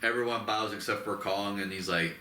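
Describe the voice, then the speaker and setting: A man in casual chat about a movie, rambling with fillers and jumping into squeaky high voices for quotes. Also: steady tone, fairly quick, bright, forceful tone. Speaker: co-host. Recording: roomy echo with faint noise.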